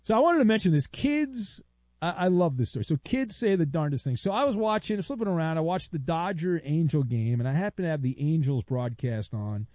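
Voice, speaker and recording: A man's voice: on the high side, fairly quick, no room sound. A man hosting a sports talk radio show, chatty and opinionated, telling stories and arguing with callers. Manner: chatty, opinionated, animated storytelling.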